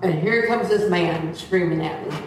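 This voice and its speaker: A woman of seventy tells a lively church testimony and acts out the voices of the people in her story. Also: lowish voice, normal speed, a little hiss or hum. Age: 70s. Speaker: church member giving a testimony. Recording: echoey hall, distant mic.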